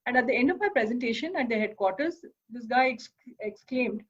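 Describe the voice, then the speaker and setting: A woman speaks as an interview guest in a slightly high voice. She tells her story in an articulate, measured way with a few fillers. The audio sounds a little dull and lo-fi. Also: slightly rough. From India. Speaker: interview guest, business founder.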